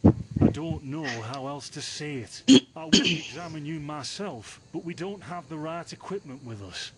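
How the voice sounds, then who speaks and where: A man's voice: a little high, lively intonation, unhurried, crowd noise. A man voicing a friendly, talkative male herbalist in a game, speaking conversationally. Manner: friendly, conversational, gently teasing. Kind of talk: game voice acting.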